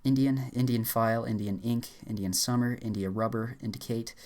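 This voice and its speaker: A young man reading dictionary entries aloud at speed, rattling words off in flat bursts and stumbling over some. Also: mid-range voice, brisk. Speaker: YouTuber.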